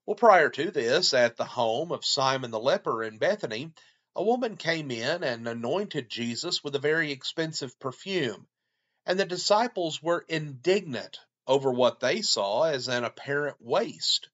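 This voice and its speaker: A man preaching a short devotional, reading scripture and explaining it in a measured way. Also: medium pitch, lively intonation, a bit bright, muffled recording.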